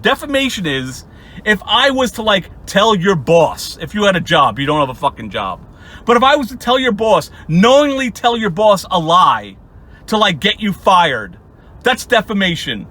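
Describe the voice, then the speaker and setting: A man's voice: high voice, sharp tone. A young man hosting his channel, ranting at someone in sarcastic, profane commentary and laughing often. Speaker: channel host.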